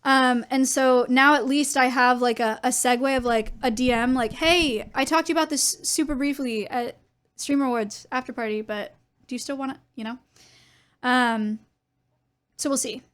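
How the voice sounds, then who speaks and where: A young woman streamer chatting casually, telling animated stories with laughter and quoted dialogue. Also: sits high, normal speed.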